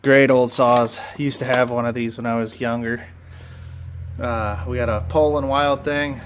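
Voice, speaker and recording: A man from Michigan walks through his lawn care gear in a relaxed, unscripted vlog. He talks haltingly, full of "uh"s, and corrects himself as he goes. His voice sits at an ordinary pitch, caught on a phone outdoors with faint background noise. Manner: halting, with many fillers and self-corrections. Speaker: lawn service owner. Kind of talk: casual equipment walkthrough vlog.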